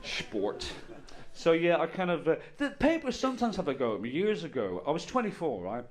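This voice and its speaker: A man's voice: fairly high pitch, sing-song, normal speed. A man in his fifties with an Irish accent, performing a stand-up comedy routine with wry, rambling storytelling and playful asides. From Ireland. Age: 50s.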